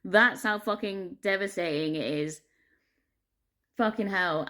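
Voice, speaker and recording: A woman's voice: medium pitch, unhurried, a bit bright. A woman vlogging in a casual, heavily sworn rant, full of fillers and bursts of frustrated laughter. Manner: heavy swearing, filler-laden, laughing through frustration. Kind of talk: casual ranting monologue.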